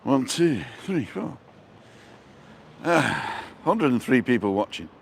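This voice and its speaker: A man's voice: medium pitch, very animated, takes it slowly, gravelly, a little hiss or hum. A middle-aged man hosting a casual live stream as he walks outdoors through town streets, chatting and reading out viewer comments with a joking manner.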